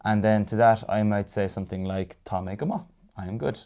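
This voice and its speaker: Irish man with a low gravelly voice. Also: warm tone. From Ireland. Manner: explains phrases slowly, with fillers and restarts. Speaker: Irish language teacher. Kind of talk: casual language lesson.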